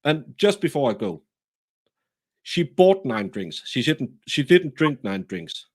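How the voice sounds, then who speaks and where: A man with a Danish accent, talking through a case in a casual, animated, self-deprecating way, often restarting his sentences. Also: a little high, a little slow. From Denmark. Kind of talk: casual true-crime discussion.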